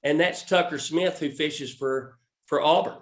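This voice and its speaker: A man with a Southern American accent, a fishing recruiting scout, explaining a recruiting program in a halting way full of restarts and fillers. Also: a little high, reverberant.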